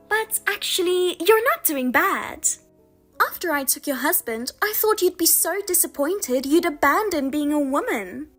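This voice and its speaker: A woman voicing a smug, spiteful younger sister in a story reading, taunting and gloating. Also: sits high. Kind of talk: audio drama reading.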